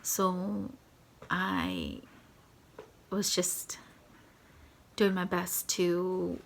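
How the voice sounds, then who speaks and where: A young woman telling a personal story in a vlog, at times dropping into a soft whisper as she recounts it. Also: on the low side, very animated, extremely slow, gravelly, slight background noise. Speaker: vlogger.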